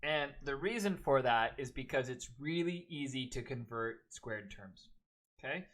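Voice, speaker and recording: Guy teaching math in a classroom, bright tense voice, jokes around a lot between steps. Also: mid-range voice, animated, measured pace. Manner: joking, chatty asides between worked steps. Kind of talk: classroom lecture.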